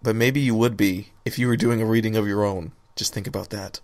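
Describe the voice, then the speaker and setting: A man giving a comic reading of a deliberately badly written fan story, mock-serious over its broken grammar. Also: on the low side, fairly even intonation, darkish tone. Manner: reads mangled grammar in a mock-serious tone, cracks up laughing. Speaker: fanfic reader. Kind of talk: comedic dramatic reading.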